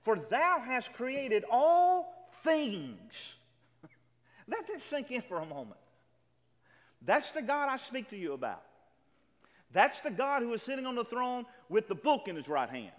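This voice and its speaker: A man's voice: very high voice, very animated, normal speed, pauses often. A man preaching a sermon, emphatic and full of stammering restarts, reading scripture aloud with drama. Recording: reverberant hall.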